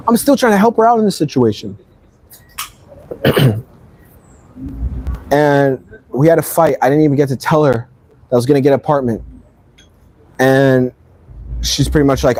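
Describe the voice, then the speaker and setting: A man's voice: medium pitch, animated, normal speed, long pauses, a little mellow, poor audio. A man vlogging, telling a personal story in a rambling, emphatic way full of slang. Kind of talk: casual storytelling.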